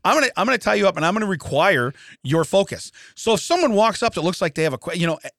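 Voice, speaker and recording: A man co-hosting a chat show, telling a story as an animated rant with laughter breaking through. His voice sits a bit high, with a bright edge and lively swings in pitch. It is recorded dry and close. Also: rapid-fire, gravelly, no room sound. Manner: animated ranting with frequent laughter. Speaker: podcast co-host. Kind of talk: casual comedic storytelling.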